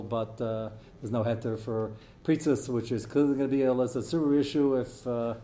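A man's voice: mid-range voice, dark tone. A man as a rabbi giving an informal talk to his congregation, telling anecdotes in a conversational way and taking questions. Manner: storytelling, conversational, takes audience questions. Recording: roomy echo.

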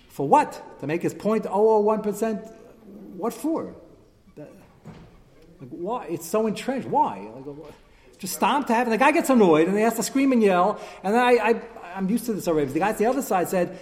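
High animated guy lecturing a class, talks fast, big echoey hall. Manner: animated storyteller, rising to exasperated emphasis. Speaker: rabbi teaching a class. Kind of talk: lively Torah class lecture with anecdotes. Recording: long hall reverb.

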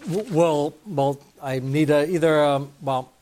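A fairly high-voiced man teaches a Torah class. He rambles off into jokes and side stories, and he drops Hebrew and Yiddish terms into plain talk. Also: measured pace, darkish tone. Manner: digressive, joking, sprinkles in Hebrew and Yiddish terms.

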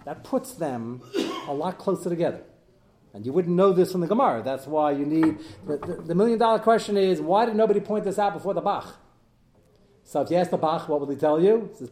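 This is a man leading a Talmud class in a classroom full of students. His voice sits a touch high. He keeps it lively, with asides and jokes, and his pitch and loudness leap for emphasis before settling back down. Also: quick pace. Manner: animated, swings in pitch and loudness; mixes in Hebrew and Yiddish study terms. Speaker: rabbi teaching a Talmud class.

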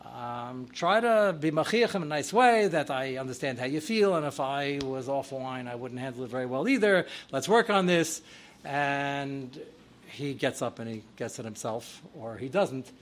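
A man, a rabbi teaching a Torah class, sprinkling in Hebrew and Yiddish terms and growing loud and animated when he acts out his examples. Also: mid-range voice, moderate pace.

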